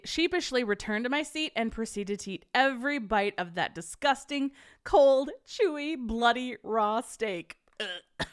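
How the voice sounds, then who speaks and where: A woman's voice: fairly high pitch, clean tone. A young adult woman hosting a podcast, casually reading a story aloud to her live chat and laughing often. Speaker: podcast host reading stories.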